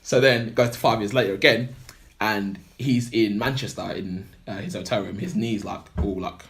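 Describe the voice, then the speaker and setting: A man's voice: lowish voice, normal speed, fairly bright tone. A man on a podcast, casually recapping a film plot in a rambling way full of "like" and "blah blah". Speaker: podcast co-host.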